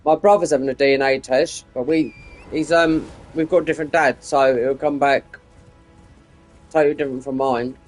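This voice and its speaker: A man's voice: medium pitch, fairly even intonation, normal speed, faint music behind. A man, chatting casually and meandering while streaming a game. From United Kingdom. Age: 50s. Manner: meandering, digressive, frequent restarts. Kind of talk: casual rambling chat while gaming.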